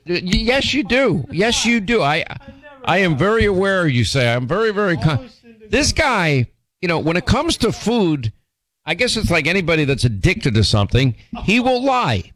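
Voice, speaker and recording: A man's voice: on the high side, fairly bright tone. A man hosting a talk show, telling rambling stories on air and teasing his co-host, with many restarts. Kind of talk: casual on-air storytelling.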